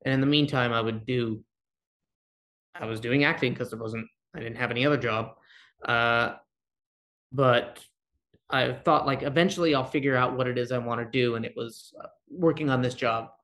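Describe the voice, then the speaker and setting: A man's voice: mid-range voice, steady tone, moderate pace, fairly bright tone. A man, a guest actor talking casually in an interview, rambling and blunt. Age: 30s. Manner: rambling, self-deprecating, blunt.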